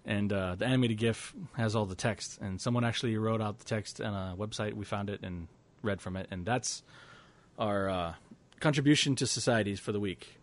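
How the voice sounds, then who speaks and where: A man's voice: on the low side, moderate pace. Guy cohosting a podcast, laughs a lot, stumbles over his words, casual. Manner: laughs often, stammering restarts. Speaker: podcast co-host. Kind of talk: casual chat.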